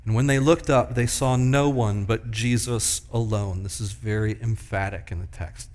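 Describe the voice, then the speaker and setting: A man delivers a sermon in a middle-pitched voice. He builds to loud, emphatic peaks, then drops to hushed, slow lines. His delivery stays dramatic throughout. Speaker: pastor.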